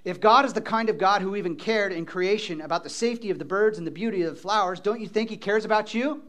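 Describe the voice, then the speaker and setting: High-voiced animated male preacher. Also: fast. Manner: animated, calls for congregation responses. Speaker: pastor. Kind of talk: sermon.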